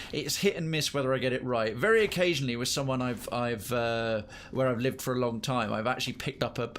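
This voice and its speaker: A young British man talks over his gameplay in an easy, mid-pitched voice. He wanders from topic to topic and answers his viewers as he goes. A faint hum of ambience sits under the voice. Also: fairly bright tone. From United Kingdom. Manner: rambling, digressive, chatty with chat. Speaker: game streamer. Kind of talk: casual gaming commentary.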